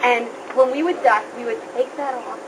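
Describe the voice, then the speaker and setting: A woman's voice: fairly high pitch, fairly even intonation, normal speed. A middle-aged woman giving a comic roast speech, joking and laughing often, at a live party. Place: party hall with audience. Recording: live room, loud crowd and noise. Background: loud laughing crowd.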